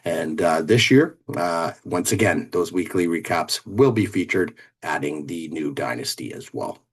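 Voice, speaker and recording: A man's voice: sits low, animated, unhurried. A man who runs a fantasy football league, giving a heartfelt thank-you and stopping often on fillers. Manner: hesitant, many fillers.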